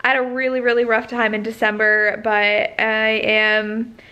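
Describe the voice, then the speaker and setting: A woman's voice: on the high side, flat delivery, a little slow, bright, forceful tone, clean tone, lo-fi sound. A young woman and teacher chatting casually at home in a reading vlog, enthusiastic and full of fillers. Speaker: book vlogger.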